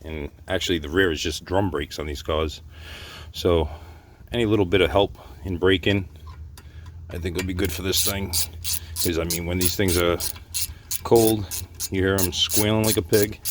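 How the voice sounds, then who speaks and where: A man's voice: deep voice, fairly even intonation, normal speed, long pauses, slight background noise. A middle-aged man, joking casually as he works on a car in his garage. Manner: joking, offhand, hands-on while working. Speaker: car repair vlogger. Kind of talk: casual how-to vlog.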